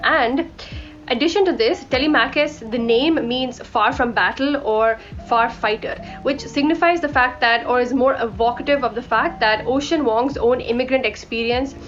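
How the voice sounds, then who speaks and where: With a slightly high, fairly bright voice at a moderate pace, a young woman from India chats about books as a book vlogger. She rambles and corrects herself mid-sentence, captured in dull lo-fi audio with faint background music.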